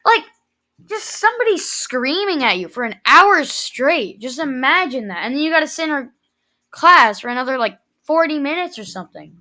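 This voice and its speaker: A woman's voice: high-pitched, big pitch swings, moderate pace, sharp tone. A teenage girl telling a rambling, emotional story in a casual vlog, full of fillers. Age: teens. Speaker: vlogger.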